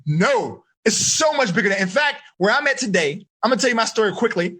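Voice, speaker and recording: Life coach, male, husky, animated delivery; slangy and upbeat with teen students in a live online seminar. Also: high voice, brisk, hardly any pauses. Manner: energetic, slangy, talks straight to the kids.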